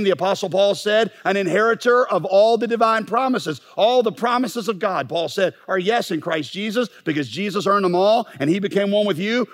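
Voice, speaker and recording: A middle-aged male pastor delivering a sermon with a somewhat high-pitched voice. He preaches with passion, building his points up to emphatic peaks. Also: a bit bright.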